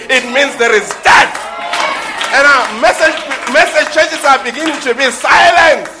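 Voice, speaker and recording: A man preaching a fervent sermon in a church, often building into shouts. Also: very high voice. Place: church before a congregation.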